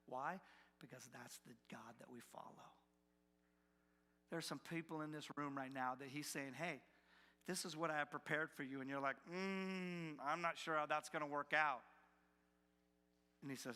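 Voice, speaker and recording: A male pastor delivering a sermon in a church, animated as he slips into the voices of the doubters he quotes. His tone is bright and forceful, sitting a little high for a man. The sound carries a long reverb from the church hall. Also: moderate pace, pauses often. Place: church sanctuary.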